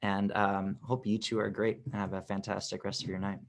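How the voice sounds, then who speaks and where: A man's voice: fairly low pitch, flat delivery, fairly quick. A man talking as a musician guest on a podcast, in an eager, rambling way. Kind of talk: casual interview chat.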